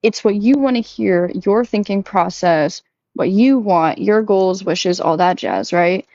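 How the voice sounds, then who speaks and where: A young woman talking casually and candidly to her audience, full of fillers, who jumps up in pitch when she acts out quoted lines. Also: a little slow, dark tone, dry recording, lo-fi sound. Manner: chatty, lots of "like", acts out quotes in a higher voice. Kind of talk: casual confessional chat.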